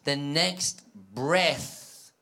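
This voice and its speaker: A man preaching a sermon to a live congregation, animated, acting out scripture dialogue and prompting listeners with call-and-response. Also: fairly high pitch, extremely slow, gravelly. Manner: acts out quoted dialogue in scripture.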